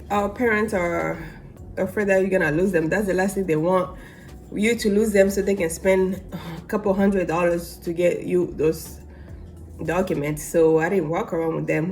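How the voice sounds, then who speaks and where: Young woman from Africa telling a story. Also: on the low side. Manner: animated, acts out voices in quotes. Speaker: mukbang vlogger. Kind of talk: casual storytelling while eating.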